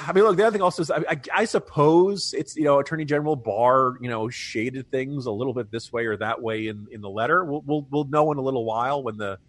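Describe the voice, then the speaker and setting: A man's voice: medium pitch, no echo. A man co-hosting a political talk podcast, chatting wryly and often laughing at his own jokes. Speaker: podcast co-host, political commentator. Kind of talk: casual political chat.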